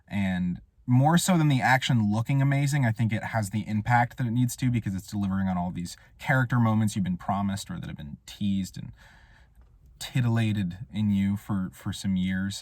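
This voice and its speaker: Casting: male reviewer, low-ish voice, wry deadpan rambler, dry booth sound. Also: dry recording. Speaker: film reviewer. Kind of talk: casual monologue review. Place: Portland area.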